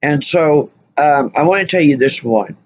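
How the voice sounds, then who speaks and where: A woman's voice: sits low, lively intonation, normal speed, a little mellow, highs cut off, a little hiss or hum. A woman vlogger telling a story casually, rambling and full of "you know" fillers.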